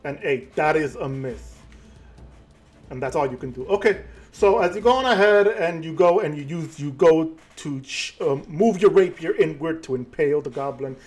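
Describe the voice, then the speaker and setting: A man narrating a tabletop game as game master, halting and full of fillers and self-corrections. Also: fairly high pitch, expressive, darkish tone, faint music behind.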